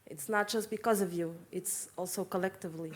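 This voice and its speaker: A woman's voice: on the low side, a little fast. A woman in the audience sharing a thought hesitantly, searching for words. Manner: hesitant, many fillers and restarts. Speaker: audience member.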